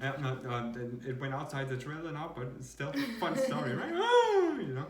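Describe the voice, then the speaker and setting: A man co-hosting a reaction video, telling a story in a casual, animated way and laughing often. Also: fairly high pitch, moderate pace, roomy sound, far from the mic, crowd noise. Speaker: reaction channel co-host.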